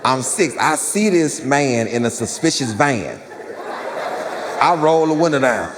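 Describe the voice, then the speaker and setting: A man's voice: a little slow, noisy background. A man doing stand-up, telling long stories with lots of repetition on a theater stage. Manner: animated storyteller, repeats lines, jumps into loud high-pitched quoted voices. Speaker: stand-up comedian. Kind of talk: stand-up storytelling. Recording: live theater with long reverb and faint crowd ambience.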